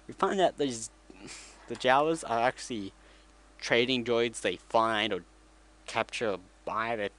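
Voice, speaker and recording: A man's voice: medium pitch, measured pace, pauses often, a bit bright. A man casually retelling a movie from memory, rambling, joking and correcting himself as he goes. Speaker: vlogger.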